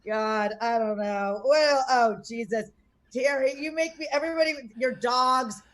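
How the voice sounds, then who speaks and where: A woman's voice: on the high side, measured pace. A woman in her forties doing brash, self-mocking, profane stand-up comedy from her garage over a video call. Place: home garage.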